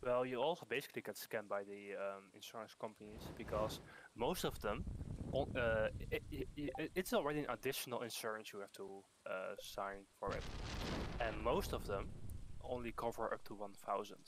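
A man with a lower voice chats casually and stammers as he restarts his sentences. Steady background noise sits clearly behind him. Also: normal speed. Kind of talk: casual chat.

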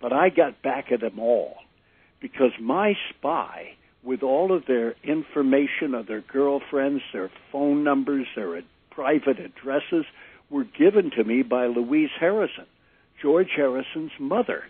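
An older man, a former disc jockey, telling animated stories in an interview, acting out the people he quotes. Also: mid-range voice, measured pace, breathy edge. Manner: animated anecdote teller, acts out quotes. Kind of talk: storytelling interview. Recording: tinny phone-line sound.

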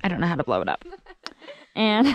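A woman's voice: medium pitch, wildly swooping pitch, measured pace, darkish tone. A young woman chatting casually on a camping vlog, giggly and playful, filmed outdoors on a handheld camera. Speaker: vlogger. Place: outdoors at a campsite. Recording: music over the audio. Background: background music.

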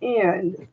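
A middle-aged woman chatting casually in a vlog, rambling through an animated story. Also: a little high, dull audio, heavy background noise. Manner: rambling, animated retelling with quoted voices. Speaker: vlogger.

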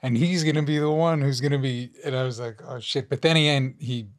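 A man's voice: mid-range voice, fairly quick. A man with a mid-range voice tells an anecdote as a guest on an interview podcast. His delivery is easygoing and conversational, like he's recounting it to friends. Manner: relaxed storyteller. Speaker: guest actor. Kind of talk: casual anecdote telling.

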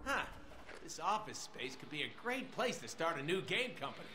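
A man's voice: on the high side, big pitch swings, normal speed, noisy background. An actor playing a wisecracking, goofy male mercenary antihero who jokes nonstop in self-aware banter. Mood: playful.

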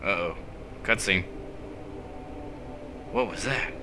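A man casually commenting on a horror game as he plays, muttering asides and breaking into sudden loud yelps. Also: low-pitched, slow, slight background noise. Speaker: let's play commentator.

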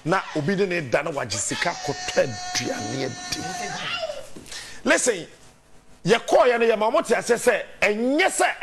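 A Ghanaian man hosts the talk, his voice gravelly and lively in pitch. He sits slightly high and reacts with frequent short affirmations. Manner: emotional, speaks through tears, affirming interjections.

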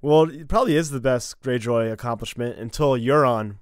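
A man's voice: medium pitch, brisk, no echo, studio quality. A man co-hosting a podcast, chatting casually and crudely about a TV show. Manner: laid-back and crude, laughs often. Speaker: podcast co-host.

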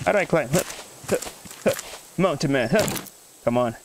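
Gaming YouTuber, male, high lively voice with a fake Irish lilt, hollers and cusses at the game over noisy audio. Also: moderate pace, long pauses. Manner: jokey put-on Irish lilt; excitable, swearing, yelling at the game. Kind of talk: let's play commentary.

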